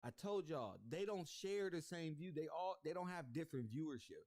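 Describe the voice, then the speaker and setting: Confrontational livestream host, a man, slangy and repetitive, slightly high voice, dry close sound. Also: lively intonation, moderate pace, darkish tone, dry recording. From South Central Los Angeles. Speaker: YouTube commentary host. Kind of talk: livestream commentary rant.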